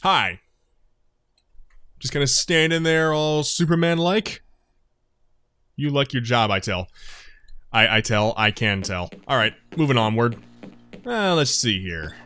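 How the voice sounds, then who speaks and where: A man's voice: mid-range voice, expressive, unhurried, pauses often, bright, forceful tone. A man casually commenting over a video game, rambling, apologizing often and joking about himself. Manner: rambling, apologetic, self-deprecating. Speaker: let's play commentator.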